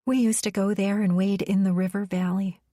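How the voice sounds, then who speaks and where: A woman playing a breathy, flighty mother. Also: mid-range voice, flat delivery, brisk, dark tone, no room sound, studio quality, lightly acted. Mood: nostalgic. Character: distracted middle-aged mother, flighty and nostalgic.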